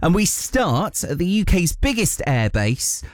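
A man's voice: high-pitched, very animated, unhurried, no room sound. A man presenting a live forces radio show, linking upbeat between reports.

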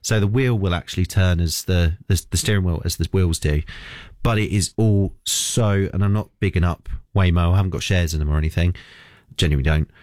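A man who presents a breakfast radio show, chatting casually in the studio and telling a story in an animated way. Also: sits low, a little fast, dry recording.

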